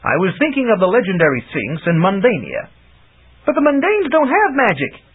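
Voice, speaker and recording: Pedantic storybook magician, measured and formal, read by a man, lively pitch, lo-fi phone sound. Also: breathy edge, full character voice. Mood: dry. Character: middle-aged male magician, measured and dry. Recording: tinny lo-fi audiobook recording.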